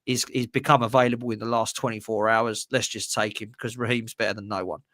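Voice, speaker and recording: A man's voice: fairly low pitch, steady tone, brisk, fairly bright tone, dry recording, studio quality. A man in casual football chat, ranting bluntly and emphatically.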